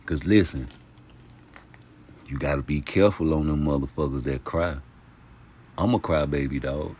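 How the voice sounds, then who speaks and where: A man hosting a casual boxing vlog, talking passionately in heavy street slang and profanity, jumping from loud outbursts to mumbled asides. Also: very deep voice, moderate pace, husky. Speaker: YouTube boxing commentator.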